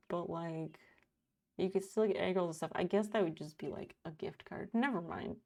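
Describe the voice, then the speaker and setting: A woman's voice: on the low side, creaky, mellow. A woman in her thirties, a live streamer, chatting casually and rambling while she reads her chat aloud and swears freely. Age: 30s.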